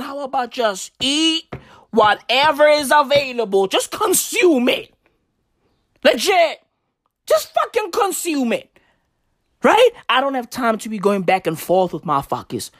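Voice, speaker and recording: A woman's voice: high voice, very animated, unhurried, no room sound, studio quality. A woman doing a brash, profane comic rant and mocking other people's voices. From South Africa. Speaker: comedian.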